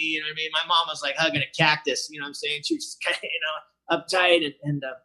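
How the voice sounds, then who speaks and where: Man in his forties, casual personal talk, slightly high voice, loose and rambling delivery. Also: pushed and bright. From Southern California. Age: 40s. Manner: casual, rambling, many fillers and restarts. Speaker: recovery meeting speaker. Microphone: online meeting.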